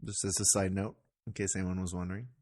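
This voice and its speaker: A man's voice: sits low, flat delivery, fast talker, a little mellow. A man co-hosting a podcast in casual comedic chat, with dry, mock-blunt humor. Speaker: podcast co-host.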